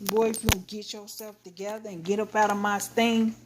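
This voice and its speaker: A woman's voice: medium pitch, level tone, brisk, heavy background noise. Blunt, scolding woman streamer. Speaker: livestream host. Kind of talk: casual venting chat to viewers.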